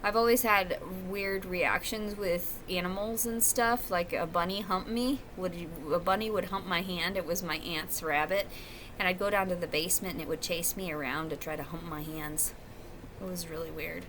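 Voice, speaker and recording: A woman's voice: lowish voice, steady tone, moderate pace, fairly bright tone, a little hiss or hum. A woman talking to camera at home in a rambling, profane, confessional monologue. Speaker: vlogger. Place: at home, indoors.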